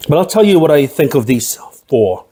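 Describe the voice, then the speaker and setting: A man's voice: on the high side, sing-song, normal speed, mellow, breathy edge. A man hosting a casual spirits tasting review, chatty and rambling, with jokey asides. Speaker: host of a spirits review channel.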